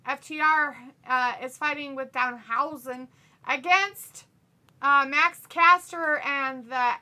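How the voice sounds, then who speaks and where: An American woman with a high, bright, ringing voice chats casually on a stream. She giggles often and reads viewer messages aloud, slipping into playful put-on voices for the quotes. Her delivery is loose and chatty. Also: fairly even intonation, takes it slowly. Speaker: co-host of a wrestling watch-along stream. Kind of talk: casual chat, reading viewer comments aloud.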